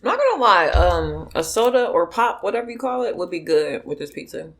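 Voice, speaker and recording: A woman's voice: on the low side, big pitch swings, fairly quick, fairly bright tone. A young woman from California talking bluntly and emphatically to her viewers while eating on camera. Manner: blunt, emphatic, talks between bites. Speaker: mukbang vlogger. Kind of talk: casual eating vlog chat.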